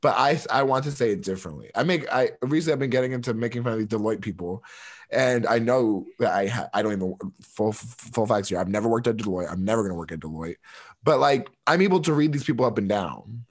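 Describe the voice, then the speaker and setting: A man co-hosting a podcast in casual chat, talking in an animated way with frequent restarts. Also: lowish voice, fast talker. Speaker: podcast co-host.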